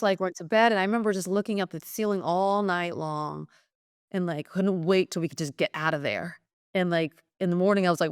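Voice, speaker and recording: A woman's voice: lowish voice, no room sound, studio quality. A young woman, a guest in an interview, telling a personal story in a hesitant way with many fillers. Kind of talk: personal account in conversation.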